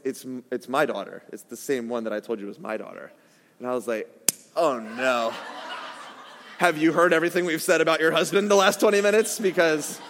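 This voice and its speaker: A man in his forties delivers a sermon in a fairly high voice, with a self-mocking storytelling manner. He sometimes bursts into shouted quotes. His voice carries a long echo, as if from a large hall. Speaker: pastor. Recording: echoey hall reverb.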